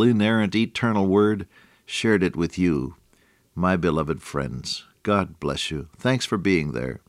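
An older man gives a Bible talk on the radio, chatty and affectionate, chuckling now and then. His voice sits fairly low, and the studio recording is dry and close. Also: no room sound. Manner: folksy, affectionate, chuckles often.

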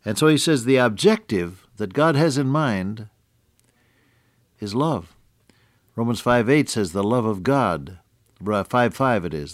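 A man's voice: lowish voice, lively intonation, unhurried, dry recording, studio quality. A man teaching the Bible on the radio in a folksy, chuckling way.

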